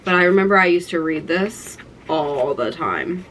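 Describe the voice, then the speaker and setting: A woman's voice: on the low side, animated, normal speed, a bit bright, a little hiss or hum, rough recording. A young woman in her twenties talking through a keepsake collection, gushing and nostalgic, with lots of "like". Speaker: vlogger. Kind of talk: casual show-and-tell vlog.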